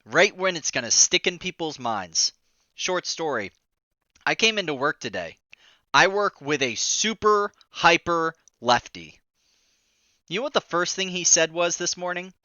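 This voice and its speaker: A man hosting a political commentary vlog, excitable and indignant, exclaiming often. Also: a little high, a little slow, no room sound, dull audio.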